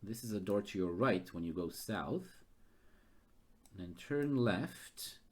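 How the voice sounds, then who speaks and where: A man who runs a gamebook live as game master, thinking aloud and getting excited. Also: fairly low pitch, slow. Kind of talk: live-streamed gamebook narration.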